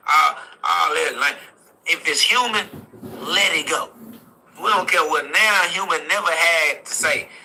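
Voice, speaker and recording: A man's voice: medium pitch, vocal fry, sharp tone, a little hiss or hum, rough recording. A young man giving an impassioned, preaching-style motivational talk, driving points home with repeated exhortations. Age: young adult. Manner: repetitive exhortations punctuated with "facts". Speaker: motivational speaker.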